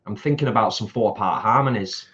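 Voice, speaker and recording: A man's voice: on the low side, brisk, a bit bright. Chatty british guy reading out comments, laughs a lot, kinda dull lo-fi sound. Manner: chatty, reads out viewer comments, laughs easily. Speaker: co-host of a live stream. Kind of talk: casual live stream chat.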